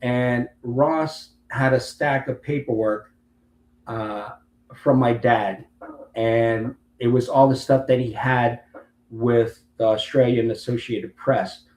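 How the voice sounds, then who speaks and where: A man's voice: mid-range voice, fairly even intonation, slow, darkish tone. A man in his late fifties, a Marine veteran and interview guest, telling a long story and acting out other people's lines. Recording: roomy with faint background hum.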